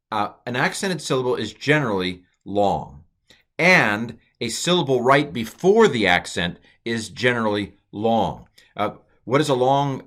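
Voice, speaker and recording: A middle-aged man giving a casual, chatty lecture over slides as a Hebrew teacher, full of fillers and side remarks, with his voice jumping up for emphasis. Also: fairly bright tone. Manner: chatty and digressive, many uh and um fillers, stress jumps to high notes.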